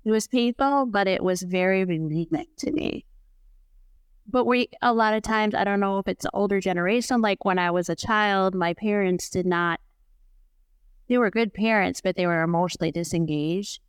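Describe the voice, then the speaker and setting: A woman's voice: mid-range voice, moderate pace, clear, resonant tone, no echo. A middle-aged woman speaking as a podcast guest, telling her story in an open, reflective, conversational way. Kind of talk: candid conversational chat.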